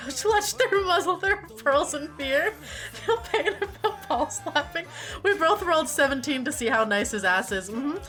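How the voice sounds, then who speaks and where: A woman's voice: on the high side, pushed and bright. A woman streamer chatting casually and animatedly, laughing often and swearing freely.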